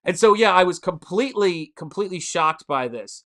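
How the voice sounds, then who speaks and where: Bright-voiced man in his forties rambling. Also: high-pitched, expressive, moderate pace. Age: 40s. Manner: rambling storyteller who answers chat mid-story. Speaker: artist hosting a live stream. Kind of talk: casual live-stream chat.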